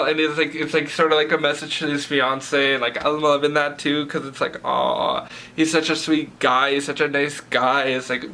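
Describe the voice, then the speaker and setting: A man's voice: a little high, bright, forceful tone, slight background noise. A young man giving a casual, rambling rant about a reality TV show, filling his talk with "like" and "um". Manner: rambling, heavy use of "like" and fillers. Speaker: reality TV vlogger.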